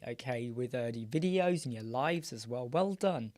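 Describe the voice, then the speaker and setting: A British man hosting a casual live chat show, his voice a little croaky and weak, answering viewers by name. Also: mid-range voice, normal speed, darkish tone, no echo, clean studio sound. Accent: British English. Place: small dark soundproofed room.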